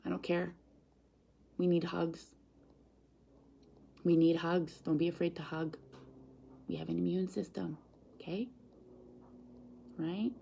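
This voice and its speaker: A woman's voice: on the low side, slow, vocal fry, long pauses, a little hiss or hum. Chatty woman giving a pep talk. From Canada. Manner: chatty, animated, reads viewer comments aloud. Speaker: guest speaker. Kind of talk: live-stream motivational chat.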